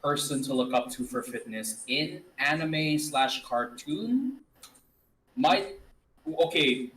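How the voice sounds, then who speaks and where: A man's voice: a little high, a bit bright. A man co-hosting a casual podcast chat, easygoing and chuckling as he tells stories. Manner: easygoing, laughs while telling stories. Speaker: co-host. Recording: distant from the mic.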